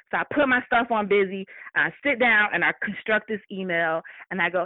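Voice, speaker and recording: A woman tells a story in a relaxed chat, blunt and profane, slipping into the voices of the people she describes. Her voice sits in a middle range. The sound is dry and thin, like a phone line. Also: mid-range voice, quick pace, hardly any pauses, dry recording. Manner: blunt, profane, animated retelling.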